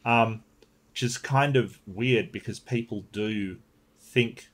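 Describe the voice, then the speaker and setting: A man's voice: on the low side, slow pace. A man hosting a casual panel debate, thinking aloud with frequent restarts and hesitations. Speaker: show host.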